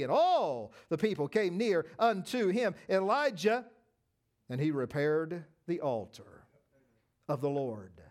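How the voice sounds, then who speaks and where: A man preaching a sermon, emphatic, with loud peaks, quiet asides and folksy humor. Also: fairly high pitch.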